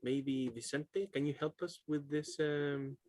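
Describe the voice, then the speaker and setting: A man's voice: fairly high pitch, steady tone, measured pace, darkish tone, no room sound. Chatty man with a Chilean accent. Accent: Chilean Spanish. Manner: casual, chatty, laughs often, fills with um and uh. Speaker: English teacher. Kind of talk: online class. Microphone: video call.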